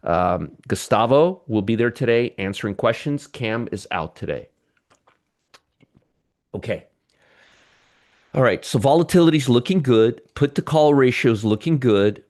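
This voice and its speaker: A middle-aged man hosting a live stock market show, talking straight to viewers, joking and getting excited about the numbers. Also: medium pitch, unhurried, pauses often.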